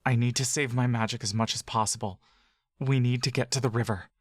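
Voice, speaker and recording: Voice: mid-range voice, fairly even intonation, fairly quick, no room sound, clean studio sound, natural voice. The audio drama narrator voicing Laurel, a kind, wounded male shapeshifter healer, in an urgent and reassuring manner.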